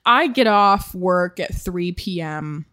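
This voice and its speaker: A woman's voice: on the low side, expressive, takes it slowly, pushed and bright, smooth. A woman co-hosting a podcast, chatting casually with wry, amused remarks. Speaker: podcast co-host.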